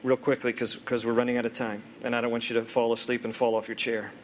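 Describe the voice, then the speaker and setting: A man preaching a sermon as pastor, expressive, moving between lively storytelling and hushed, earnest appeals to the church. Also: mid-range voice, fast talker, slight background noise.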